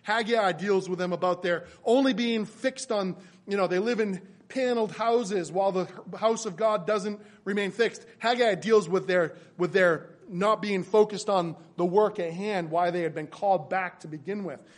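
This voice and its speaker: A man with a notably high voice delivers a sermon from the pulpit. He preaches earnestly and repeats key phrases for emphasis, rising and falling as he drives his points home. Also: normal speed, few pauses. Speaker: pastor.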